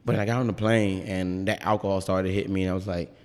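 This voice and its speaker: Deep-voiced man, casual rambling chat, frank and profane, long reverb behind his voice. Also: little pitch movement, fast. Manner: rambling, frank, swears freely. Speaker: brewer. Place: brewery.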